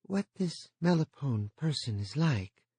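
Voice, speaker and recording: A man's voice: a little high, very animated, unhurried, warm tone, slightly rough, no room sound, voice pushed up, full character voice. A man voicing a wise, wary wife who asks probing questions in an audiobook.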